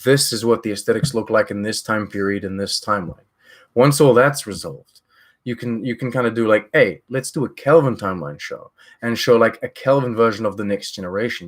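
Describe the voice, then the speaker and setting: A man from New Zealand chatting casually and with strong opinions on his live stream, rambling with many fillers and restarts. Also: fairly low pitch.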